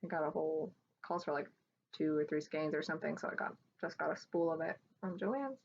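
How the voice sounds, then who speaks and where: A cross-stitch vlogger, she shows off her work in a casual chat at home, rambling through fillers and restarts. Her lowish, gravelly voice moves briskly with fairly even intonation. The audio is dull and lo-fi, with a faint hiss behind it.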